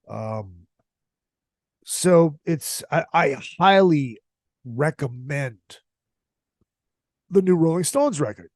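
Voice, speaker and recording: Gravelly-voiced man ranting on a podcast. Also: mid-range voice, dry recording, studio quality. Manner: profane, opinionated, emphatic. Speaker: podcast host. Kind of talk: casual solo podcast rant.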